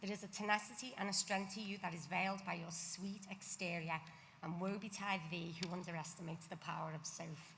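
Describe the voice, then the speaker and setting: A woman speaks as a loving mother at a ceremony, tender and affectionate. Her voice is a little low for a woman. It echoes through a large sanctuary with faint noise behind. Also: steady tone, brisk, vocal fry, fairly bright tone. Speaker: mother of the bat mitzvah girl. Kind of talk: parent's speech read at a ceremony. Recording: reverberant hall, faint background noise.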